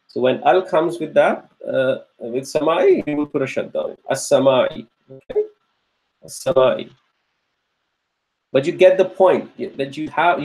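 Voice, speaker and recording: A man teaching Arabic grammar online, his voice sitting a little high. He talks patiently, says each answer twice and checks in with "okay?" after most points. He praises students when they get it right. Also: darkish tone, poor audio.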